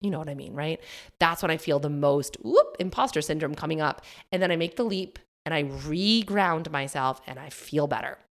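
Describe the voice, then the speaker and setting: Woman podcast host, low voice, chatty coach energy, lively self-quoting. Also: moderate pace. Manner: animated, acts out her own inner voice in quotes; chatty, with fillers and laughs. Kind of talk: solo podcast talk.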